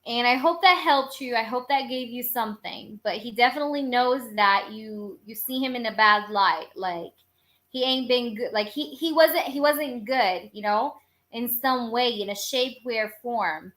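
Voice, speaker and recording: A woman giving live tarot readings to her viewers in a loose, chatty stream of talk full of fillers. She curses casually. Her voice is bright and sits slightly high. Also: normal speed. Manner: chatty and informal, with casual cursing; rambling, with many filler phrases. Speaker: tarot reader.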